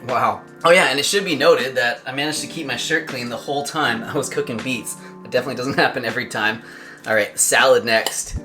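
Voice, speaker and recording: A man's voice: medium pitch, a little fast, over music. A man hosting a casual food vlog, chatting to camera and laughing easily as he cooks and tastes. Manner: chatty, relaxed, laughs often. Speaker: vlog host. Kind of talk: casual chat to camera while cooking and tasting.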